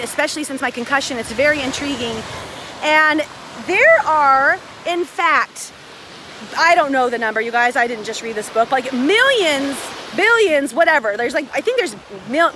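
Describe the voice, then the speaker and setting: Excitable woman on a beach live stream, high bright voice, a bit out of breath, faint wave noise, phone mic. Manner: chatty, excitable, greets viewers by name. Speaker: live video host. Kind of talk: casual motivational live stream. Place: outdoors on a beach by the waves. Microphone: phone held by a friend. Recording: faint surf noise outdoors.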